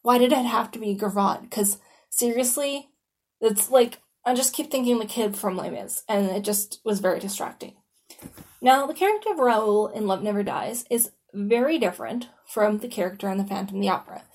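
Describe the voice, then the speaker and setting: A woman hosts a podcast on her own in a loose, conversational way. She keeps dropping in "you know" and "like", and she swears casually as she goes. Her voice sits at a middling pitch for a woman. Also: expressive, moderate pace, a little mellow. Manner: chatty and informal, lots of "you know" and "like", swears freely. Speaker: podcast host.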